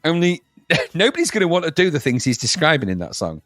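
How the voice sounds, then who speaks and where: Guy chatting on a podcast, bouncy pitch, dry close sound, goofs around. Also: fast, no echo, faint music behind. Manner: jokey, lively, slips into silly voices. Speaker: podcast co-host. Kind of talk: casual chat.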